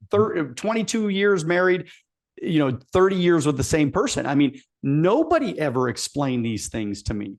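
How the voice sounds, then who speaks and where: A man in his forties hosts a podcast and reacts to his guest with emphatic enthusiasm. His speaking voice sits a little higher than most men's. He talks in a casual way and sometimes swears. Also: a little mellow. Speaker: podcast host. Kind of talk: casual interview chat.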